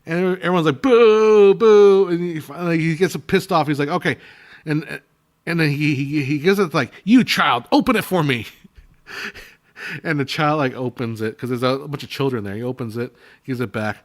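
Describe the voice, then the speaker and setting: A man's voice: on the high side, fairly even intonation, a little fast. Rambling, opinionated man chatting casually. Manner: rambling, with frequent restarts and asides. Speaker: streamer answering viewer questions.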